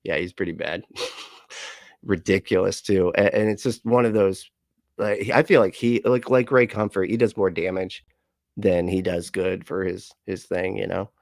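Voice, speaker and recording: A man's voice: deep voice, fairly even intonation, unhurried, gravelly, no echo, studio quality. A man hosting a casual livestream, talking loosely with a sarcastic edge and laughing often as he rambles and swears freely. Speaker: livestream host.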